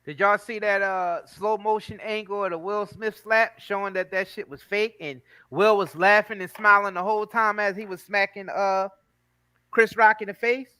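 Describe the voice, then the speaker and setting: A man hosting a casual talk show, talking in an animated, emphatic, slangy way. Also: high-pitched, normal speed, clean tone, no room sound, poor audio. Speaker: host. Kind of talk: casual chat.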